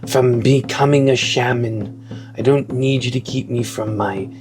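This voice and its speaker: A man's voice: medium pitch, steady tone, unhurried, music in the background, natural voice, poor audio. A man voicing an earnest young male shaman apprentice in a game, reading the lines plainly. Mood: determined.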